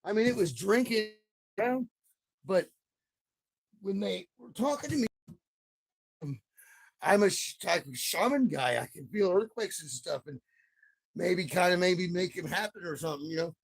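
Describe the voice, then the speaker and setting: A man's voice: sits high, animated, normal speed, vocal fry, pauses often. A middle-aged man rambling at home on a livestream, swearing often and repeating his words as he goes. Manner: rambling, profane, repeats himself. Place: at home indoors.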